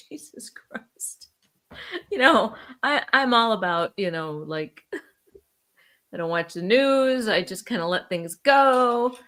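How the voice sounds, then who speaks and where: A woman's voice: a little high, animated, slow, a bit bright. Easygoing woman podcast co-host. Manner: laughing often, easygoing. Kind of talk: casual chat.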